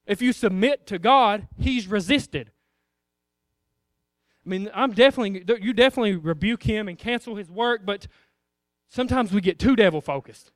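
A man's voice: high-pitched, moderate pace, no echo, studio quality. A man preaching a sermon, emphatic and repetitive, acting out little voices as he goes.

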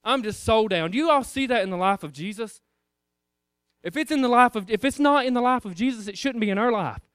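A man preaching in a loose, conversational way, throwing questions out to the congregation. His voice is high and smooth, and it sounds dry and close. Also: lively intonation, fast talker, a bit bright, no room sound. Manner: conversational, rhetorical questions, addresses the congregation as guys. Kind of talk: informal sermon.

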